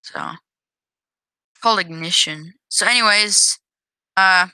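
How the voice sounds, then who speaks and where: A woman's voice: on the low side, slow, bright, forceful tone, smooth, no room sound, low-quality recording. A woman giving casual commentary while playing and showing her own game, hesitant, with many restarts and self-corrections.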